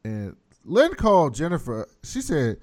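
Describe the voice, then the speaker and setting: A man's voice: a little high, wildly swooping pitch, measured pace, a little mellow. A man in casual chat, recapping a TV episode and acting out the characters' lines with energy.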